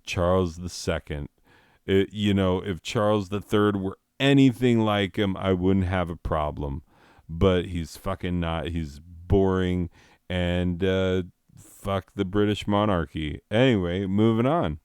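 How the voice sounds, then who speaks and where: A man's voice: low voice, measured pace, darkish tone, clear, resonant tone, dry recording, studio quality. A man doing profane, sardonic stand-up comedy, ranting about the news of the year.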